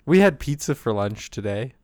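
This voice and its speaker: A man's voice: medium pitch, darkish tone, no room sound, studio quality. A man co-hosting a podcast, telling a story in a laid-back way, swearing freely and laughing often. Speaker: podcast co-host. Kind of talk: casual chat and storytelling.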